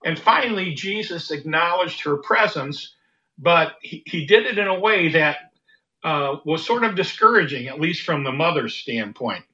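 A man preaching a sermon in a halting way, stumbling over repeated words and fillers. His voice is bright and a little high for a man. The recording is dull and lo-fi. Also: lively intonation.

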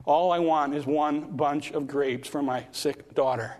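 A man voicing a poor single mother pleading softly for grapes for her sick child. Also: on the high side, fairly even intonation, unhurried, close to an everyday voice.

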